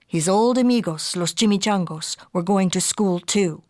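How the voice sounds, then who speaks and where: A woman author reading her own picture book aloud to children in a playful, expressive way. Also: mid-range voice, moderate pace. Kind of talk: storybook read-aloud.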